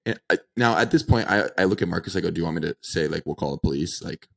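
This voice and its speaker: A young man in his mid-twenties with a very low, deep voice tells a story on a casual podcast. He acts out the dialogue as he goes, and the story runs long. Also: fast talker, creaky. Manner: animated anecdote-telling, acts out quoted dialogue. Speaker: podcast co-host.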